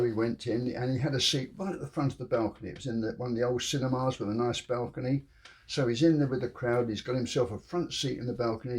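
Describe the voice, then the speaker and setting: A man's voice: medium pitch, a little mellow, husky. An older man, hosting and telling jokes to camera, chuckling at his own punchlines. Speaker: joke teller, channel host.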